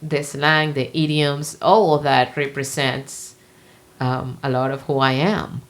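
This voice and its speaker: A woman from Venezuela, a Spanish professor whose first language is Spanish, speaking with a Venezuelan accent as a podcast guest and talking in an animated, expressive way. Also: a bass voice, slow. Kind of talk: podcast conversation.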